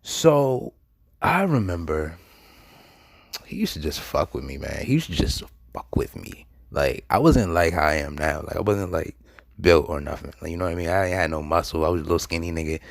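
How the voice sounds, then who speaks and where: A young man hosting a show, telling a personal story in a loose, slangy, animated way and laughing often. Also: low-pitched, moderate pace, vocal fry, no room sound, studio quality. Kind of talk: casual storytelling monologue.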